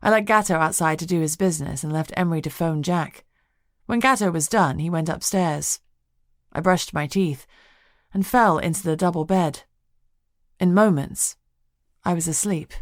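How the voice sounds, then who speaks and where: Woman narrator, low pitch, wry first-person storytelling, dry close studio sound. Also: moderate pace, no echo. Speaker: audiobook narrator.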